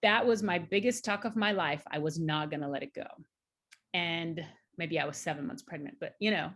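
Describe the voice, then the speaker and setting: A woman guest in her forties, telling her career story in a conversational interview, getting emphatic and rising when excited. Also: on the low side, moderate pace. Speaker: guest scientist.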